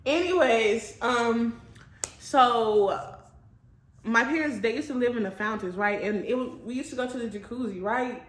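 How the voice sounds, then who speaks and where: Young woman vlogger, casual storytime, crude and laughing, higher pitch, roomy echo. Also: measured pace. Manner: blunt, profane, laughs often. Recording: echoey room.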